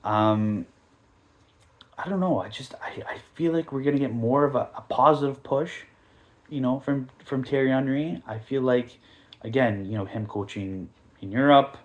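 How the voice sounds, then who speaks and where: Guy on a soccer podcast ranting, mid pitch, mocking and rambling, lots of asides. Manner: animated, mocking, rambling with asides and put-on quotes. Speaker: podcast host. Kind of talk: casual soccer podcast rant.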